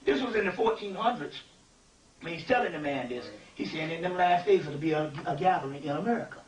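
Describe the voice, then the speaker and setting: A man giving an informal spiritual lecture, animated and digressive, often checking that listeners follow. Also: on the high side, a little fast. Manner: animated, digressive, keeps asking "you see what I'm saying". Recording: echoey room, distant mic, faint ambient noise.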